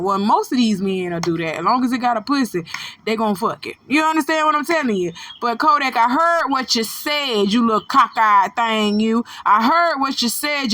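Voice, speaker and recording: A woman's voice: on the high side, fairly bright tone, no room sound. A middle-aged woman from Florida with a North Florida Southern accent, giving blunt, profane commentary. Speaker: commentary host. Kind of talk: casual commentary.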